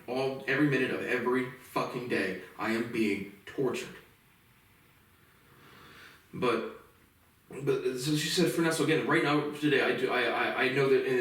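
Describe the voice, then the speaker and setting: Man, late twenties, bitter swearing monologue, mid pitch, distant mic, boomy room. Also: fairly bright tone. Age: late 20s. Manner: bitter, profane rant. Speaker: vlogger. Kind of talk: angry personal monologue. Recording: echoey room from far off.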